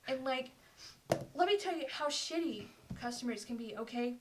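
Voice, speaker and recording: A young woman co-hosting a podcast, telling a story in a casual, animated way, swearing freely and acting out what people said. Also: sits high, moderate pace, noisy background. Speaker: podcast co-host.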